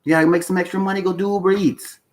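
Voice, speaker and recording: High-pitched and flat, this man talks at a racing pace on a low-quality recording. He hosts a trading channel, speaking off the cuff to the camera in a blunt, emphatic coaching style, repeating himself, swearing for emphasis, and constantly asking "okay?" and "you know why?"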